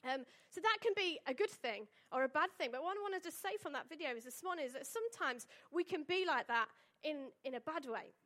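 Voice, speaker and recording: A woman's voice: high-pitched, expressive, brisk, few pauses, bright, forceful tone. A woman giving a chatty, informal sermon to a church congregation and reading a Bible passage aloud. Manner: chatty, conversational, with fillers and asides. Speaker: church speaker.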